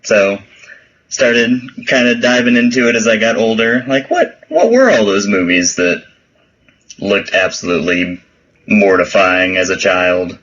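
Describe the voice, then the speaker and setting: A man's voice: on the low side, unhurried, a bit bright, lo-fi sound. A man co-hosting a podcast in casual chat, laid-back, laughing often and swearing freely. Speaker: podcast co-host.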